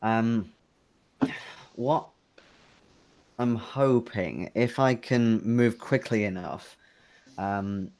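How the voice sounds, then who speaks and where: A man with a lowish voice plays a tabletop game, asking what he can see and planning his next move deliberately. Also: darkish tone. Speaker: player. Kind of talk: casual tabletop game chat.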